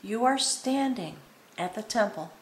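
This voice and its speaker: A woman's voice: on the high side, animated, a little slow. A woman giving a spoken tarot reading to viewers. She talks in a meandering, earnest way, often checking in with "okay?", and sounds a little choked up with emotion. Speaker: tarot reader. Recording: echoey room with faint ambience.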